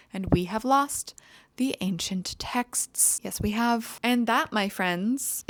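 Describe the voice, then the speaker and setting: A woman's voice: mid-range voice, dry recording. A young woman talks through new makeup releases in a casual vlog, with a mid-range voice. She rants with exasperated sarcasm and leans hard on her points. The sound is dry and close, with no room around it. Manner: exasperated, sarcastic ranting with dramatic emphasis. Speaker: beauty vlogger. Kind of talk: casual ranting makeup review.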